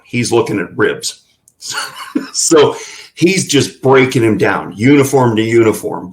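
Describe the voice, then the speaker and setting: A man's voice: fairly low pitch, a bit bright, low-quality recording. A man telling folksy anecdotes in a casual interview, with plenty of fillers. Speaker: ranch representative.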